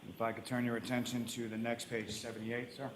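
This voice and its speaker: A male attorney questioning a witness in a courtroom, formal and polite, with filler pauses. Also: medium pitch, flat delivery, roomy sound, poor audio.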